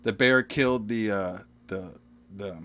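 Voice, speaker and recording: A man's voice: fairly low pitch, measured pace, sharp tone. A man co-hosting a casual horror movie podcast, talking loosely and profanely, full of "bro" and "all right?". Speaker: podcast co-host.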